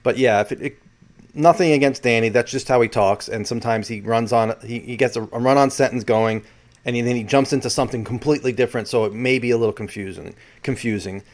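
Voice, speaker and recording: A man's voice: mid-range voice, steady tone, fast. A man hosting his own channel, talking through a transcript in casual commentary, often stopping to correct and restart himself. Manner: rambling, self-correcting, many restarts. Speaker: channel host.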